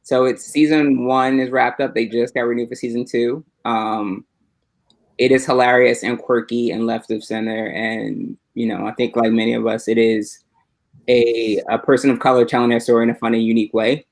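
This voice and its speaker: A man's voice: medium pitch, normal speed, vocal fry, poor audio. Man chatting on a video call. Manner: rambling, relaxed storyteller. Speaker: panel guest. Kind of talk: casual chat on a livestream.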